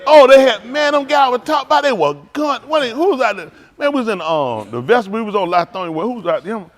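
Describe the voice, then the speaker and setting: With an extremely high pitch, lively intonation and a fast pace, a male preacher gives a comic sermon to his congregation. He jokes, laughs frequently, and draws call-and-response from the crowd while rambling colloquially through many restarts.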